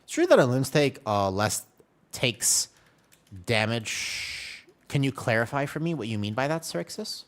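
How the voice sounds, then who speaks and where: This live gameplay commentary comes from a man streaming as a tank, talking in a medium-pitched, very animated but unhurried way. Between explaining his moves and reading chat, he sneezes because of allergies.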